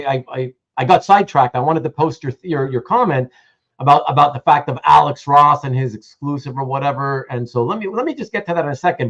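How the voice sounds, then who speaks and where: A chatty man hosts a casual online show, his voice fairly high and bouncing up and down as he talks. He keeps restarting his sentences and reads comments aloud, and the stream audio sounds dull and lo-fi. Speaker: host. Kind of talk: casual livestream chat.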